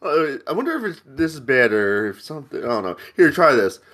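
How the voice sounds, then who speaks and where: Male podcast co-host, lively intonation, dry wisecracking and swearing. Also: mid-range voice, quick pace. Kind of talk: casual chat.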